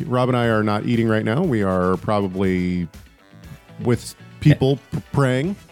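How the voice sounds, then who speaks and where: A man's voice: lowish voice, measured pace, a little mellow, faint music behind. A man co-hosting a faith podcast, chatting casually and telling stories with lots of fillers and restarts. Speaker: podcast co-host.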